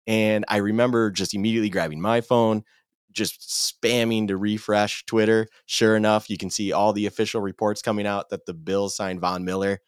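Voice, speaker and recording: A man's voice: lowish voice, little pitch movement, normal speed, clear, resonant tone, dry recording, clean studio sound. A man co-hosting a casual sports podcast, chatting in an easygoing way and telling stories. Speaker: podcast co-host.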